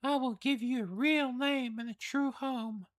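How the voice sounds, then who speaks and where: Man doing a proud palace lady lord, high voice, big solemn speeches. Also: measured pace. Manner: solemn, grand declarations. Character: commanding female palace lord, stately and proud.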